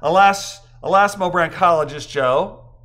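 A man voicing a petite, teasing woman on vacation in a higher voice. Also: moderate pace, fairly bright tone.

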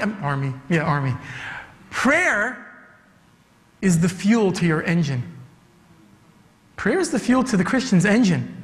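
High-voiced man preaching in an echoing hall. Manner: animated preaching, acting out quoted voices. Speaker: youth director preaching. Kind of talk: sermon. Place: church sanctuary. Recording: reverberant church hall.

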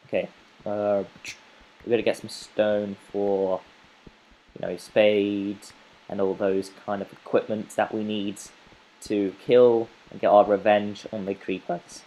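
A man's voice: lowish voice, flat delivery, slow, dark tone, poor audio. A man giving playful, rambling let's play commentary as a gaming channel host, chatting to the animals in his game.

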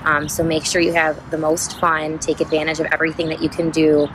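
A woman's voice: low voice, completely flat delivery, brisk, background noise. A woman giving a reassuring, heartfelt message to a graduate.

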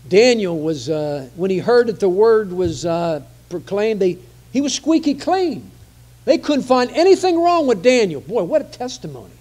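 A man's voice: sits high, sing-song, moderate pace, a little mellow. A man preaching a conversational sermon, often repeating phrases for emphasis.

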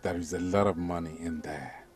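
An actor with a Nigerian accent playing a tempting male voice in a woman's head, speaking in a smooth, coaxing way. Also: low-pitched, moderate pace, over loud music, close to an everyday voice. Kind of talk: film drama.

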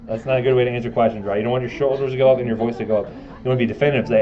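A man's voice: medium pitch, very fast, muffled recording, a little hiss or hum. A man giving a casual classroom lecture, joking and asking his students questions.

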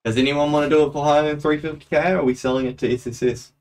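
A man's voice: fairly high pitch, fairly even intonation, normal speed, pauses often, a little mellow, slight background noise. A young man chatting casually while live-streaming a game, laughing often and breaking into playful auctioneer calls. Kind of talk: live gameplay stream commentary.

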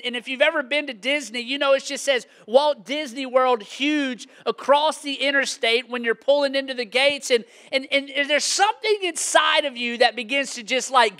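A man, preaching a sermon as pastor with animated, shouting storytelling. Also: very high-pitched.

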